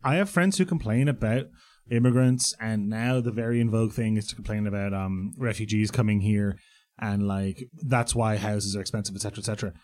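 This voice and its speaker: A man's voice: lowish voice, steady tone, brisk, darkish tone. A man co-hosting a casual podcast chat, speaking in a wry, conversational way. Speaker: podcast co-host.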